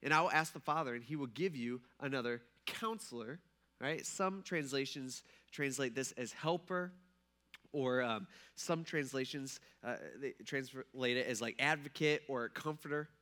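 Man, young pastor, casual sermon, animated, bright forceful voice. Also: mid-range voice, normal speed. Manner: animated, acts out quoted dialogue, laughs often.

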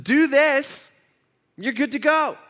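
A man's voice: extremely high pitch, takes it slowly, a bit bright, voice pushed up, full character voice. A preacher voicing a male teacher who answers in an upbeat, encouraging way. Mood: approving.

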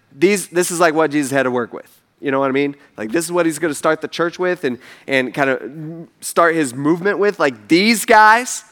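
A man's voice: sits high, fairly bright tone. A man preaching a sermon in a casual, conversational, slangy way, telling the story with animation. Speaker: pastor.

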